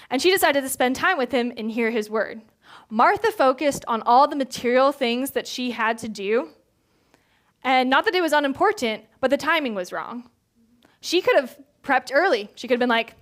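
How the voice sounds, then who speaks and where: Chatty woman preaching a casual sermon. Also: a little high. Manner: casual, chatty, with many filler words; acts out quoted speech in brighter voices. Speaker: church speaker. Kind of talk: conversational sermon.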